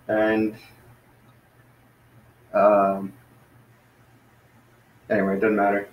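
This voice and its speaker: A man's voice: fairly low pitch, monotone, takes it slowly, long pauses, roomy sound, poor audio. A man teaching a beginner online language class, rambling with lots of fillers and self-corrections.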